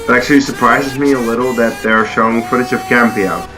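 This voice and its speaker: A man in casual conversation, eagerly jumping in with trivia answers while watching a show with friends. His voice sits at an ordinary pitch with clear music running behind it. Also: fairly even intonation, poor audio. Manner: eager trivia fan, quick to supply answers. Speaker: reaction video co-host. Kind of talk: casual chat over played footage.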